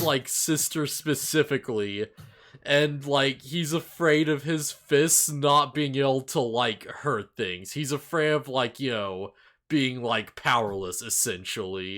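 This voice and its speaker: A man's voice: mid-range voice, a bit bright. A man chatting casually as a co-host of an anime review show, rambling with lots of fillers and upbeat asides. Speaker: podcast co-host. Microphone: face cam with desk mic.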